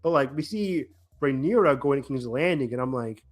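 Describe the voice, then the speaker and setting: A man co-hosting a casual podcast recap, talking in a rambling, animated way with many restarts and quoted reactions. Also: mid-range voice, normal speed. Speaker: podcast co-host.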